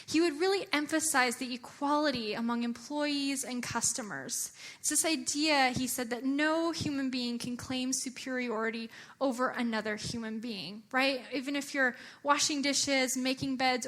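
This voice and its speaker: A young adult woman giving a chatty, animated church talk, often using filler words. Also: high-pitched. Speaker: church speaker.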